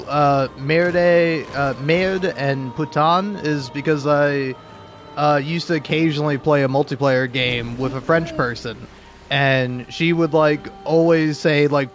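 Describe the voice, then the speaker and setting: A man's voice: on the high side, a bit bright. A man giving casual, rambling gameplay commentary, full of fillers and restarts. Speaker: gaming video creator.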